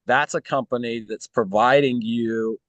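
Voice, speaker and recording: Slow-talking man, dry close sound. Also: medium pitch, steady tone, a bit bright, no room sound, muffled recording. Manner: thinks aloud, frequent "um" and "right?". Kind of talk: casual online chat.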